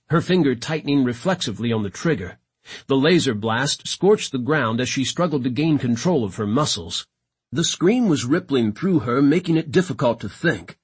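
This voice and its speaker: A man narrating a science fiction audiobook in a dramatic, expressive reading style. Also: mid-range voice, husky.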